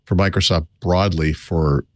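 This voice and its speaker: A middle-aged man with a deep, low voice trades casual thoughts as a podcast co-host. He stops and restarts his sentences often and corrects himself mid-thought. His voice sounds close and dry, with no room around it. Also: steady tone, dry recording. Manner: halting, full of restarts and self-corrections. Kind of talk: casual tech podcast chat.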